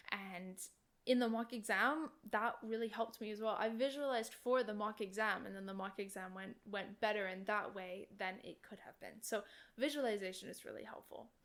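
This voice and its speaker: A woman's voice: mid-range voice, fairly bright tone. A young adult woman and oboe student, hosting a casual advice podcast in a chatty, enthusiastic way. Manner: chatty and enthusiastic, full of "like" and "literally".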